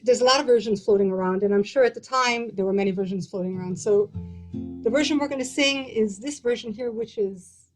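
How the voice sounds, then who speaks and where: A woman's voice: fairly high pitch, a little fast, faint music behind, rough recording. A woman cantor teaching a song over a video call, explaining in a chatty way with fillers and restarts. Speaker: cantor and guest host.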